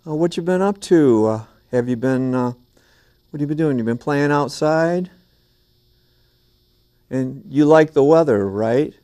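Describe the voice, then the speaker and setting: A man hosting a children's TV show in a small studio, singing and chatting playfully and gently with young viewers and a puppet duck. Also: fairly high pitch, lively intonation, a little slow, pauses often. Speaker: children's TV host.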